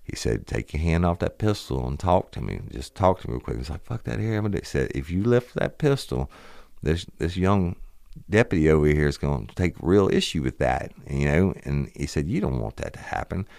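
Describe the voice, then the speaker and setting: Man, middle-aged, podcast host, rambling profane storyteller, very deep gravelly voice. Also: moderate pace, no room sound, clean studio sound. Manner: profane, rambling, animated retelling of a police call. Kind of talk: casual storytelling.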